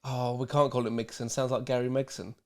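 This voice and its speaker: A man hosting a podcast, in relaxed, sweary chat with laughter. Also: medium pitch, fairly quick. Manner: laid-back, laughing, swearing banter. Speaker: podcast host. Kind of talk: casual chat.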